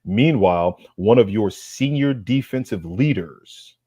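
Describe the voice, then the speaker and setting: A man's voice: lowish voice, animated, measured pace, dark tone, slightly rough, no room sound, studio quality. A man co-hosting a sports podcast, ranting in a fired-up, profane way, full of streetwise slang and repeated lines for emphasis. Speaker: podcast co-host. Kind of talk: heated sports roast rant.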